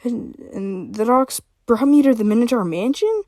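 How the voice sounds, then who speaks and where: A woman's voice: on the high side, expressive, moderate pace, a little mellow, no room sound, voice pushed up, lightly acted. Woman reading as Vex, a stammering fox-tailed young man. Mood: eager. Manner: stammering, sighing. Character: young male fox-tailed stranger, grumpy then eager.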